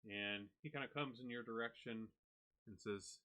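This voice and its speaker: A man narrating a tabletop game as game master, relaxed and peppered with hedging fillers. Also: mid-range voice, moderate pace, rough recording.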